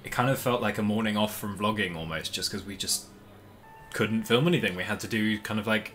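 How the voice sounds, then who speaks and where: A man co-hosting a vlog, commenting casually on footage in a chatty, rambling way and quick to disagree. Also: fairly low pitch, fairly bright tone, soft background music. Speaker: vlog co-host. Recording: faint background noise.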